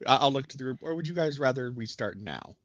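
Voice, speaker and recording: A man's voice: mid-range voice, lively intonation, fast talker, no echo, dull audio. A man playing a tabletop game, talking in character in a playful, mock-formal way. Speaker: player. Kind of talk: in-character tabletop role-play.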